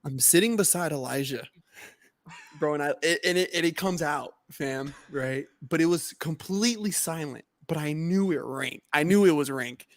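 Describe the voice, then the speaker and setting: Young male co-host, slangy storyteller, slightly high voice. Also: moderate pace, dry recording, clean studio sound. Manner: slangy, says bro and fam constantly. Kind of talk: casual chat.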